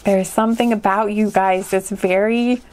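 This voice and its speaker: A woman's voice: mid-range voice, fairly even intonation, moderate pace, darkish tone. A woman giving a casual pick-a-card tarot reading, rambling and hesitant, with many fillers and frequent laughs. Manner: rambling and hesitant, full of likes and ums, laughs often.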